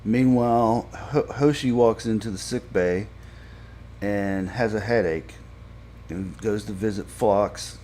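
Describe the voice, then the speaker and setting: A man casually recapping a TV episode for a podcast, halting with frequent fillers and restarts. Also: fairly low pitch, mellow, a little hiss or hum. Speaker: podcast reviewer.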